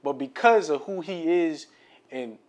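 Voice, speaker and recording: A young man co-hosting a casual sports podcast, with a voice pitched a touch above most men's. He talks bluntly and swears freely, holding his ground in the argument. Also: animated, measured pace. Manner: blunt, profane, argues his point firmly. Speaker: podcast co-host. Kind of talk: casual sports and music chat.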